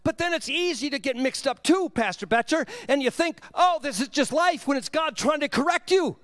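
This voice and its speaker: A man preaching a sermon in church, swinging between loud emphatic lines and hushed low asides. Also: animated, a little fast, dry recording. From Southern US. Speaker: pastor.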